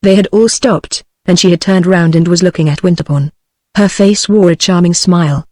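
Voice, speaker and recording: A woman's voice: fairly low pitch, moderate pace, no echo. Dry synthetic British woman narrating. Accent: British English. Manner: even, machine-like reading. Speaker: audiobook narrator. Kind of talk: text-to-speech audiobook narration.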